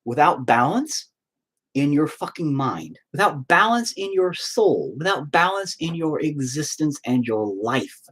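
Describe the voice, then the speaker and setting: A man's voice: fairly high pitch, big pitch swings, a little slow, fairly bright tone, husky. A man ranting in casual podcast talk, profane and rambling.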